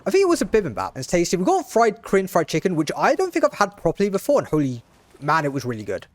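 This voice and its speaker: Young man, fast rambling chat, lively bouncy pitch, dry close sound. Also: no echo. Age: late 20s. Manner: rambling, quick, self-interrupting with restarts. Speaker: streamer.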